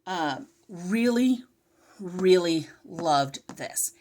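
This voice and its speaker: A middle-aged homeschooling vlogger from California gives a casual, chatty curriculum review, speaking extremely slowly in a fairly low voice. She's animated, slightly out of breath, and keeps interrupting herself.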